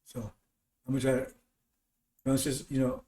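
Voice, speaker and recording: A man with a warm, mid-range voice talks fast in a completely flat delivery, hosting a broadcast sermon that rambles informally. "See?" and "Right?" punctuate his talk as he checks on listeners. The room echoes noticeably, and he is well away from the microphone.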